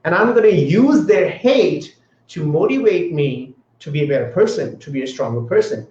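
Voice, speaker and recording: Earnest guy on a live stream, kinda high voice, roomy echo, muffled sound, keeps greeting viewers. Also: expressive, moderate pace, darkish tone. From grew up in another country. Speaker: livestream host. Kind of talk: motivational livestream talk. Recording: echoey room, dull lo-fi sound.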